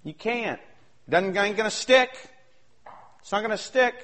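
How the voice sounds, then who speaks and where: A male pastor preaching a sermon, swinging between shouted excitement and hushed asides. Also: high voice, unhurried.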